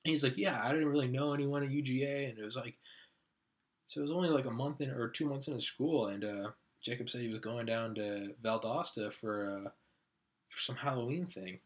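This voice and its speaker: A young man chats casually on a podcast, at a middle pitch. He rambles through long anecdotes and puts on his friends' voices as he quotes them. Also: a little fast. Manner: rambling storyteller who acts out friends' lines. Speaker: podcast co-host. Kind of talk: casual chat.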